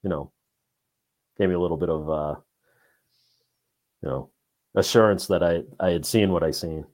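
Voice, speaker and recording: A man in casual chat, telling a ghost story in a relaxed way with lots of "you know" fillers. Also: low-pitched, moderate pace. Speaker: podcast guest.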